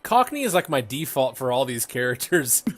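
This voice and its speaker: A man's voice: mid-range voice, big pitch swings, moderate pace, a bit bright, husky, faint music behind. A young man running a tabletop game as game master, narrating casually with many fillers and laughs.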